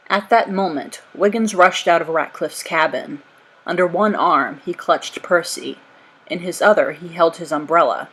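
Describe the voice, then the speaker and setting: Woman reading a storybook, slightly low voice. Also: moderate pace, breathy edge, rough recording. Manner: steady, expressive reading. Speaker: narrator. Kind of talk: storybook read-aloud.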